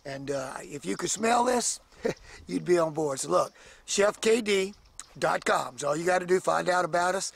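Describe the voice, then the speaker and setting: A man's voice: sits high, expressive, normal speed, creaky, breathy edge. A man, a fishing charter captain talking up his trips on a boat, folksy and enthusiastic. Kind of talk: casual promo on a boat.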